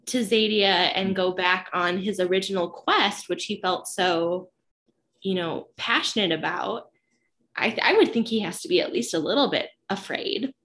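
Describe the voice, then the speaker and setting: A woman's voice: medium pitch, moderate pace, a bit bright. A woman co-hosting a casual discussion of a cartoon series, reflective and often checking for agreement. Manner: reflective, asks agreement with "right?". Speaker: podcast co-host.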